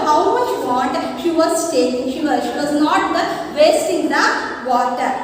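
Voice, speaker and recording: A woman teacher with an Indian English accent, giving a slow lesson and spelling out words letter by letter. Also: sits high, slight background noise. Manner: slow, repetitive, addresses the class as Nana. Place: school classroom. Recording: echoey classroom, voice from far off.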